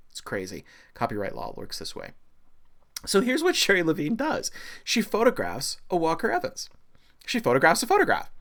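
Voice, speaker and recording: In a recorded art history lecture, a man with a mid-range voice comes across animated and excitable. He leans on plenty of fillers and keeps cracking self-deprecating dad jokes.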